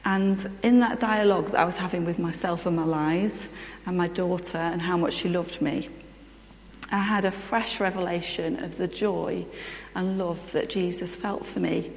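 A woman's voice: fairly low pitch, steady tone, normal speed, a little mellow, slight background noise. A woman in her thirties giving a sermon with personal testimony, in a candid, conversational storytelling manner. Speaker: preacher. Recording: echoey hall with long reverb.

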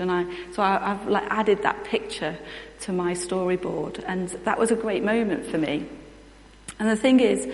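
A woman's voice: lowish voice, slight background noise. Woman preaching in an echoey hall. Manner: candid, conversational storytelling. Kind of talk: sermon with personal testimony. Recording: echoey hall with long reverb.

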